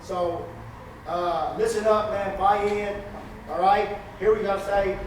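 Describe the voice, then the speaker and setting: A man casually introducing a guest speaker, loose and halting in his talk. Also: high-pitched, little pitch movement. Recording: echoey room, far from mic, noisy.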